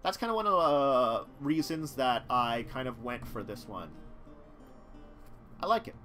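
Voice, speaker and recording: A man's voice: mid-range voice, animated, unhurried, pushed and bright, soft background music. A man casually commenting on a live stream about a card-game deck, rambling and talking to his chat. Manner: rambling, chatty, talks to chat, chuckles.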